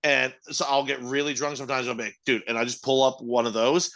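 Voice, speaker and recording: A man's voice: medium pitch, flat delivery, quick pace, a bit bright. A young man co-hosting a podcast in casual chat, rambling loosely and swearing freely. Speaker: podcast co-host.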